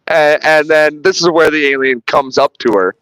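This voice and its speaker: A man's voice: fairly high pitch, moderate pace, fairly bright tone, clear, resonant tone, no room sound, low-quality recording. A man hosting a podcast, retelling film scenes in casual, rambling chat full of restarts and swearing. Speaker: podcast host reviewing a film.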